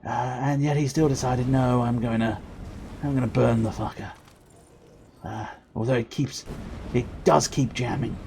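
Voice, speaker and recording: A man's voice: medium pitch, fairly even intonation, moderate pace, creaky, a little mellow, slight background noise, natural voice. A man voicing a put-upon servant who complains, rambling and whiny, about his singed dress. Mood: aggrieved.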